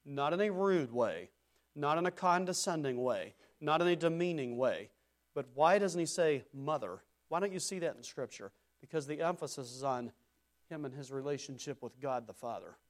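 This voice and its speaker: A man preaches a sermon in an emphatic, repetitive cadence, swinging from loud declarations to quieter passages. His voice is on the high side and animated, at a normal speed.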